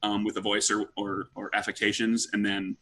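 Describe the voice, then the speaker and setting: A man's voice: lowish voice, little pitch movement, normal speed, fairly bright tone. A man on a talk show as a guest game master, chatty and full of "like" and restarts. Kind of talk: casual chat.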